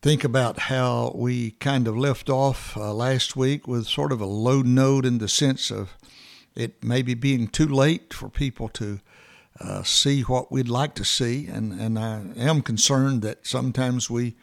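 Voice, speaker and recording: A man's voice: medium pitch, unhurried, creaky. A man hosting a morning devotional podcast, talking informally with many fillers and restarts as he works through a scripture passage.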